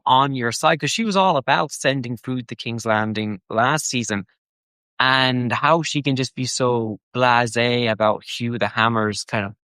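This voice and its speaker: A man hosting a casual show discussion, rambling with many fillers and quick mock quotes. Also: mid-range voice, a bit bright, no room sound. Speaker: podcast host.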